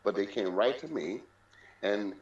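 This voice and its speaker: A man with a somewhat low voice tells his personal story as an interview guest. He speaks emphatically and often repeats a phrase to drive it home. The recording sounds roomy and a little dull. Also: measured pace. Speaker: interview guest, boxing figure.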